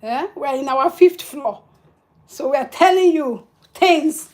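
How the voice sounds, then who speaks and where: A woman's voice: sits high, slow, darkish tone. A middle-aged woman, hosting a livestream and telling a childhood family story with emotion and laughter. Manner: emotional, laughing between tender memories. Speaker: livestream host.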